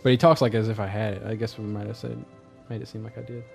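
A man's voice: lowish voice, little pitch movement, fast, vocal fry, darkish tone. Male podcast co-host, rambling self-deprecating storyteller, faint music. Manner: self-deprecating, tells stories with stammering restarts. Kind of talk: casual chat.

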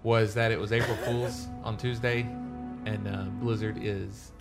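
A man's voice: lowish voice, flat delivery, measured pace. Man, podcast host, casual, giggly, faint music underneath. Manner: laughs often, loose and rambling. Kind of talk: casual chat.

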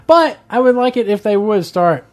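A man's voice: high-pitched, big pitch swings, normal speed. A man co-hosting a casual gaming podcast, talking hesitantly with many fillers. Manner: hesitant, full of "like" and "I mean".

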